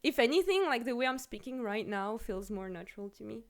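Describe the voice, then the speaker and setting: A high-voiced woman speaking English with a French accent, French being her first language. She hosts a casual stream chat, animated and laughing often, restarting her sentences as she goes. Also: fairly quick. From France. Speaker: streamer host.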